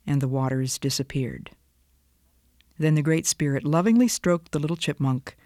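A woman's voice: rumbling low, no echo, clean studio sound. Earnest woman giving a devotional talk. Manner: warm, earnest, expressive storytelling with sudden soft whispers. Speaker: devotional speaker.

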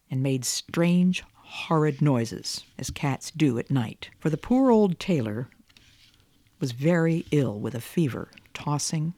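A woman radio host reading a children's story aloud in a gentle, measured way. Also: low-pitched, no echo.

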